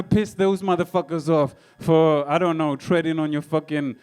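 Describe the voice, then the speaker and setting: A man working a live comedy club crowd, brash and full of swearing as he tells his story. His voice is clear and smooth, and it sits a little higher than most men's. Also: moderate pace, hardly any pauses. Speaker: stand-up comedian. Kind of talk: stand-up comedy set with crowd work. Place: comedy club stage before a live audience.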